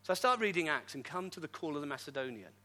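A middle-aged man, a pastor, telling his story in a sermon with lively, self-deprecating humor. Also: on the high side, fast. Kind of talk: testimony sermon.

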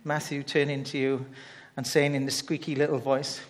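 A man preaching a sermon in a conversational, halting way, often restarting his phrases as he talks to the congregation. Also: medium pitch, little pitch movement. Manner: conversational, halting with many repeated starts. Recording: long reverb from a large hall.

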